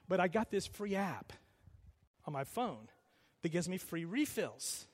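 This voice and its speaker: A man preaching a sermon as a pastor, telling stories with animated, repetitive emphasis. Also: high-pitched, a little slow, in a large hall.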